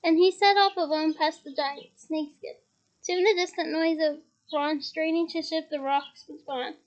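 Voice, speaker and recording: A woman reading a novel aloud in a steady storytelling manner with small restarts. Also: sits high, normal speed, muffled recording. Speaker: reader.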